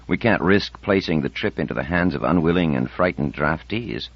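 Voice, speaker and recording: A man's voice: rumbling low, animated, normal speed, no echo, heavily acted. A man reading an audiobook, voicing a confident, persuasive woman scientist in her fifties. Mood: determined. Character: confident, determined woman scientist over fifty. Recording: dull dry audiobook recording.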